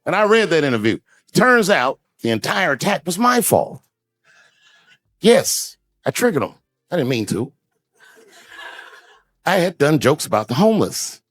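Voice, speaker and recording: A male stand-up comedian telling a story on stage into a handheld mic, swinging between loud outbursts and quiet asides. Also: a little high, big pitch swings, moderate pace, no room sound, clean studio sound.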